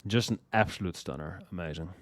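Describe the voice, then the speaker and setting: Young man, smooth low voice, dry close sound, rambling casual music talk, swears often. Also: fast talker, no echo. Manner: rambling, repeats words, swears freely, excitable. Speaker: music list host.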